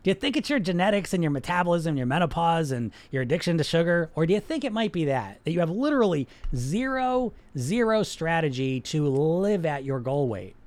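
A man with a high-pitched voice, recorded close and dry with no room sound. He coaches bluntly and emphatically, swears freely, and hammers his points with repeated words. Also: sing-song, brisk, few pauses, a little mellow, dry recording. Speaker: weight-loss coach and podcast host. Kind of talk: unscripted coaching monologue to a live chat.

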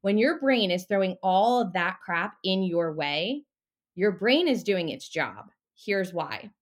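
A woman talking as a mindset coach in a casual podcast interview, animated and a little profane. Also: medium pitch, a little slow.

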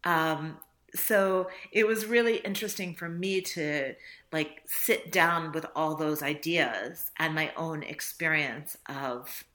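A woman's voice: low-pitched, slow pace, fairly bright tone. A woman author talking reflectively in a casual interview, laughing often and acting out little dialogues. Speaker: author guest.

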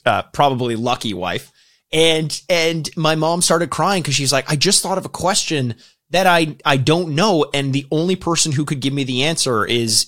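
A man's voice: on the high side, a bit bright. A man co-hosting a casual podcast, rambling through stories with bursts of laughter. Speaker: podcast co-host.

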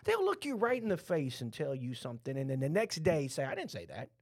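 A man's voice: on the high side, sing-song, a little fast, vocal fry, no room sound. A middle-aged man with a Texan accent, talking bluntly in a rambling, opinionated podcast chat full of restarts.

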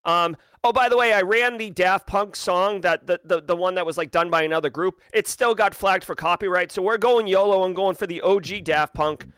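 A man hosting a live show, talking with high energy and rapidly shouting out viewers. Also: clear, resonant tone, no echo. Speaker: livestream host. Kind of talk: hyped-up live show chat. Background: hip hop music.

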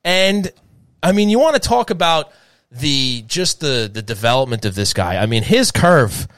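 A man's voice: medium pitch, no room sound. A man co-hosting a casual sports talk stream, rambling with lots of fillers. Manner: animated, fast, filler-heavy rambling. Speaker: podcast co-host.

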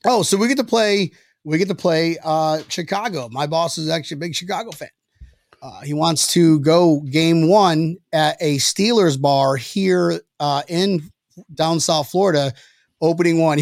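A man hosting a casual sports podcast, excitable and rambling, laughing often between thoughts. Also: on the high side, moderate pace, no echo, studio quality. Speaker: podcast host.

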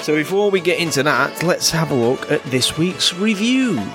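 A man's voice: on the high side, expressive, normal speed, music in the background. A man with a Northern English accent co-hosting a podcast in casual, rambling chat. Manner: rambling, chatty, with fillers and restarts. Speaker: podcast co-host.

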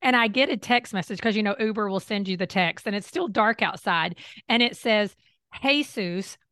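A woman hosting a podcast, chatting casually, reacting quickly and laughing along. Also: medium pitch, fairly bright tone, no room sound, clean studio sound. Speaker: podcast host. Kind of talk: casual interview chat.

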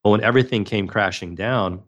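Speaking a little fast in a lowish, slightly bright voice, a magician and speaker recounts a personal story as a podcast guest. He comes across as earnest and reflective, restarting frequently, and the recording sounds lo-fi.

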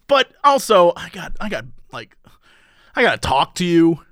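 A man in his thirties, an animated podcast co-host, telling stories in casual chat with a lot of laughter. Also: sits high, moderate pace, dry recording, clean studio sound.

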